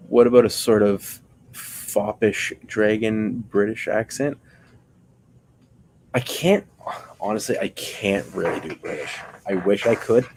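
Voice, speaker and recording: A man with a low voice and a gravelly texture talks casually as he builds a puppet on a stream. He rambles and cracks jokes between answers to viewers. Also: a little slow, darkish tone, rough recording. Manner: rambling, joking, answering chat. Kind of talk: casual chat while crafting.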